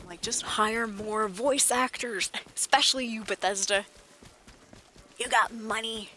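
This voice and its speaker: Bright-voiced woman streamer chatting. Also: fairly high pitch, unhurried, slight background noise. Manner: chatty, joking, sarcastic asides. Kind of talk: casual gameplay chat.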